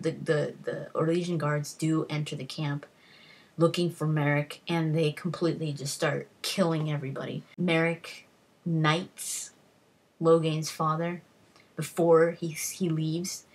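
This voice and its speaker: Low husky-voiced woman recapping a novel. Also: fairly even intonation, unhurried. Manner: rambling retelling with frequent "like" and restarts. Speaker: book reviewer. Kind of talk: casual spoken book summary.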